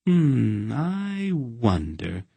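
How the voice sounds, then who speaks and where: A man's voice: mid-range voice, big pitch swings, extremely slow, gravelly, mellow, breathy edge, no room sound, pitched above the performer's own voice, full character voice. A man reading a wry, commanding older woman who schemes sweetly and a little slyly. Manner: sweetly scheming, slightly sly.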